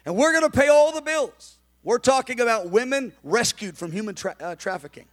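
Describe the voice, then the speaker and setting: Man, high voice, sermon, animated, emphatic, conversational asides. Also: moderate pace, few pauses. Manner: animated, emphatic, sometimes shouting. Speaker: pastor.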